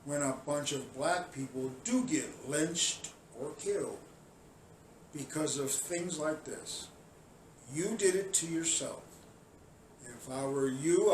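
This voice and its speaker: A man from Chicago giving a scolding, sarcastic monologue that often climbs into shouting. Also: on the high side, slight background noise. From Chicago, USA. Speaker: video commentator. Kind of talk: heated monologue rant. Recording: roomy sound, distant mic, faint ambience.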